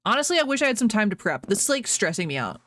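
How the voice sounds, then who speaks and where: A young man streaming a video game, chatting casually with his chat while he plays, animated and self-mocking. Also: high voice, very fast, no echo.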